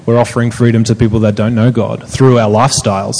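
A man's voice: medium pitch, fast, vocal fry. Man, church panel host, casual chat, lots of fillers, reverberant church hall. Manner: relaxed, filler-heavy, restarts often.

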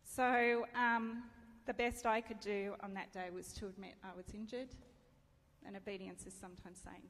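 A woman's voice: mid-range voice, level tone, normal speed, a bit bright. A middle-aged woman giving a sermon, telling a personal story in a candid, self-deprecating way and laughing often. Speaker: preacher. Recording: reverberant hall, faint ambience.

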